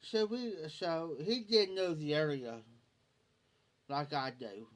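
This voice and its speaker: Laughing as he spins a yarn, a livestreamer with a rural Ohio accent shares a folksy story on a late-night stream. His voice sits on the high side with big swings in pitch, and his pace is slow.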